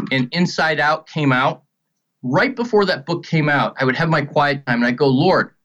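A man's voice: mid-range voice, muffled recording. A middle-aged man in ministry, earnestly teaching and telling stories in a conversational way. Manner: earnest, storytelling, animated quotes. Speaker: ministry leader.

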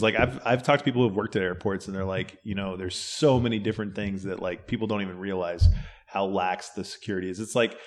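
A young man co-hosting a podcast, ranting indignantly and profanely, with lots of "like" and "you know". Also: fairly low pitch. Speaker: podcast co-host. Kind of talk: casual podcast chat.

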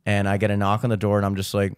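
A man's voice: fairly low pitch, monotone, rapid-fire, darkish tone, smooth, dry recording, studio quality. A man in his thirties telling long, profane stories in casual chat as a podcast co-host, filling his talk with "like". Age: 30s. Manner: rambling, profane, heavy use of "like".

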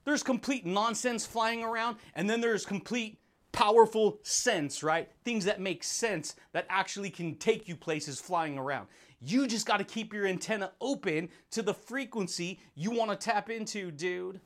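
Hosting a motivational podcast, a high-voiced man talks with lots of energy and slang, briefly slipping into voices for anyone he quotes.

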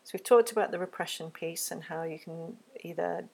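A woman hosting a parenting podcast, explaining calmly and gently, and dropping into soft, hushed tones when she models what to say to a child. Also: on the low side, fairly quick, creaky, slightly rough, poor audio. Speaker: podcast host, parenting educator. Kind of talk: calm instructional podcast talk.

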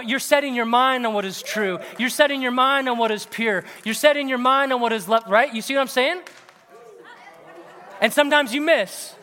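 A man in his thirties preaching a sermon, animated and punchy, with bursts of laughter. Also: very high voice, normal speed. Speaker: pastor. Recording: long hall reverb.

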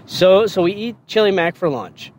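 A man telling basic training stories in a casual, profane and animated way on a podcast. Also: sits high, moderate pace, slight background noise. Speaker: podcast guest storyteller. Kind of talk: casual storytelling.

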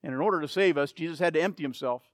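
A man's voice: on the high side, rapid-fire, no echo, clean studio sound. A man preaching a sermon, emphatic and repeating key phrases for effect. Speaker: pastor.

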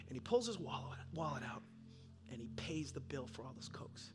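A man in his fifties, a pastor telling a lively sermon story with excited bursts and laughs. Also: medium pitch, normal speed, loud music behind the voice. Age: 50s. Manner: animated, bursts of excited laughter and loud peaks. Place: church.

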